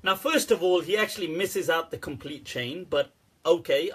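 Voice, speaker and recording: Sarcastic high-voiced man ranting. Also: lively intonation, normal speed, husky. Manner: sarcastic, laughs often, swears freely. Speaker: Islamic scholar answering questions. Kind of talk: casual ranting commentary.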